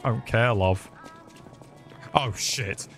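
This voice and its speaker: A man's voice: medium pitch, slow. A young man streaming a game, grumbling and joking crudely with lots of swearing as he plays. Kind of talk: live gameplay commentary. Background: game music.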